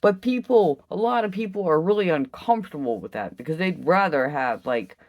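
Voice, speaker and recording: Fiery, swearing woman ranting. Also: expressive. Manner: intense, emphatic, heavy swearing; swings from loud outbursts to low, drawn-out musing. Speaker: vlogger. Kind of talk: impassioned solo rant.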